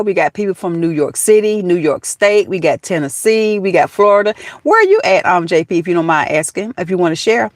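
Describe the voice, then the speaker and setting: A woman's voice: on the low side, dry recording. A woman with a Southern US accent from Georgia, hosting a casual live stream outdoors and chatting folksily with viewers, calling them baby and honey.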